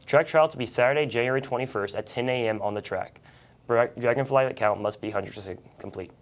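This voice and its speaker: A teenage student co-hosting a school news show, reading announcements quickly and steadily. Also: mid-range voice.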